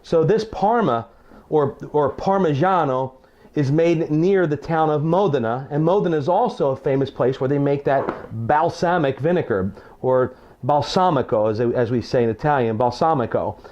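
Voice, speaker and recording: With the highs cut off, we hear a middle-aged chef doing a casual recipe demo in a home kitchen. His voice is fairly high and a bit mellow at a moderate pace, and his friendly, homespun talk includes teaching asides and restarted phrases.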